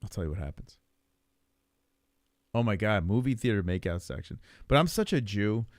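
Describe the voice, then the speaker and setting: A man's voice: lowish voice, lively intonation, moderate pace, dry recording. Profane New York man, dry close voice. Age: 40s. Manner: rambling, profane, chuckling often. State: high. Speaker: live stream host. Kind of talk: casual live stream chat.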